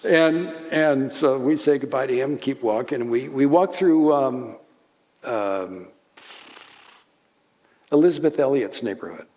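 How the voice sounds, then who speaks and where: An older man telling a warm story at a conference seminar, chuckling as he goes. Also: medium pitch, lively intonation, measured pace, pauses often. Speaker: speaker. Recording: long hall reverb.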